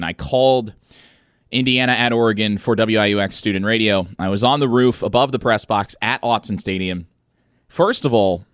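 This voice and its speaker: A young man hosting a college sports radio show, giving energetic, opinionated commentary with emphatic stresses. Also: lowish voice, dry recording, clean studio sound.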